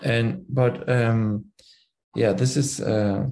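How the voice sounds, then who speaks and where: German-accented man, mellow and earnest. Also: medium pitch, fairly even intonation, extremely slow, vocal fry. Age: middle-aged. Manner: earnest, explanatory, searching for words. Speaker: podcast guest. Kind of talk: conversational interview.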